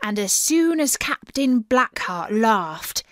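Woman storyteller, higher pitch, very lively intonation; clear, careful storybook reading. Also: no room sound, studio quality. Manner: slow, clear, expressive reading. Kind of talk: storybook reading for English learners.

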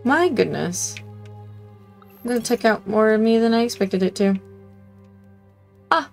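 A woman with a high, creaky, expressive voice takes her time over soft background music as she plays through a game for her channel. Chatting to herself, humming, and reading the game text aloud, she's easily startled and laughs off her own scares in this let's-play commentary.

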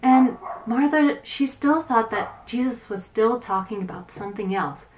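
Animated woman retelling a Bible story. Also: fairly high pitch, measured pace, recorded from a distance, highs cut off. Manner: animated storyteller acting out quotes, with fillers. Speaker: children's Sunday school teacher.

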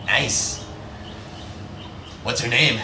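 A man's voice: medium pitch, very slow, gravelly. A teenage boy in a student film playing a cocky Cuban schoolmate who mixes in Spanish words and boasts like a mentor. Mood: teasing. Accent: put-on Spanish-tinged. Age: teens. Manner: swaggering, sprinkles Spanish words. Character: cocky Cuban cigar-smoking male schoolmate, swaggering mentor. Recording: echoey room, distant mic, faint hiss.

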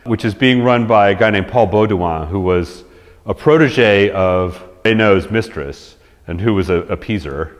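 Animated male historian in a reverberant hall. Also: lowish voice, a little slow. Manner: animated storyteller, acts out quotes in lively voices, frequent restarts. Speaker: resident historian giving a talk. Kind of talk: conversational history lecture. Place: lecture room with audience.

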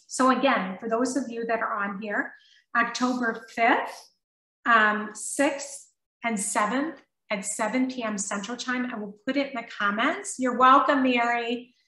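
Middle-aged woman host, bright and chatty, live Q&A, somewhat off-mic in a roomy space. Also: on the high side, a little slow, distant mic. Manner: chatty, reads viewer comments aloud, frequent ums. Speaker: parenting coach and live-stream host. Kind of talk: casual live-stream Q&A. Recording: echoey room, voice somewhat off-mic.

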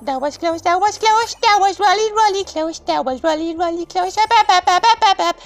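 A gamer voicing an excitable little child starfish that squeals eagerly and clings to its father figure. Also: very high-pitched, fairly quick, soft background music, voice pushed up. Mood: relieved.

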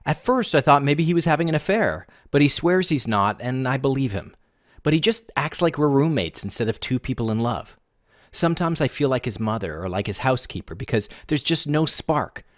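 A man's voice: medium pitch, expressive, a little fast, no room sound, clean studio sound, natural voice. A man voicing a sobbing, desperate married woman, pleading shakily through tears. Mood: tearful. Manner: tearful, shaky pleading.

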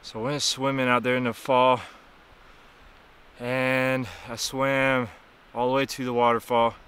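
A man's voice: mid-range voice, little pitch movement, a little slow, fairly bright tone, clean tone. A young man vlogging outdoors by a river, rambling and swearing as he recounts nearly drowning, worn out and chilled. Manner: rambling, profane, shaken and weak after nearly drowning. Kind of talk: casual vlog recap. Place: outdoors by a cold river and waterfall.

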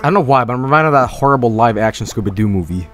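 A man's voice: mid-range voice, lively intonation, racing, fairly bright tone, a little hiss or hum. A young man giving casual live gameplay commentary, rambling and full of fillers. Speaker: streamer.

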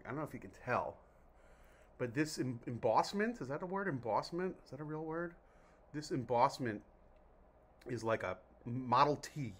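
A man's voice: medium pitch, a bit bright. A man from New Jersey hosting a casual vlog, reviewing mineral water in a chatty, jokey, self-interrupting way. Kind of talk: casual rambling vlog talk.

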